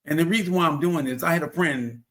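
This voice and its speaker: Man, earnest preachy talk, somewhat high voice, repeats himself. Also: fast, fairly bright tone. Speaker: host. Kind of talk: casual motivational talk.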